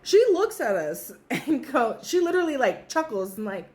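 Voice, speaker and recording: A woman's voice: on the high side, sing-song, normal speed. A woman in her thirties telling a casual storytime, chatty and loose, full of fillers and swearing. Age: 30s.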